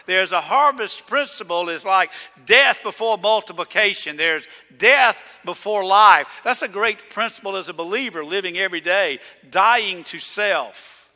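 A male pastor preaching a sermon in a folksy storytelling way, swinging between loud calls and hushed asides. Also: sits high, animated, normal speed, hardly any pauses, big-room sound.

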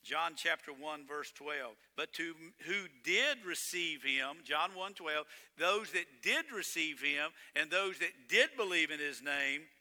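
Male pastor, sermon, very bright voice, slightly high, long church-hall reverb. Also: animated, slow, few pauses. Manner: emphatic preaching with big swings in volume.

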